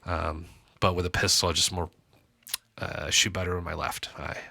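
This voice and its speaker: A man's voice: low voice, level tone, moderate pace, vocal fry, sharp tone, dry recording, clean studio sound. A man co-hosting a casual podcast, talking in a loose, rambling way with restarts and jokey asides. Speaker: podcast co-host. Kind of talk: casual chat.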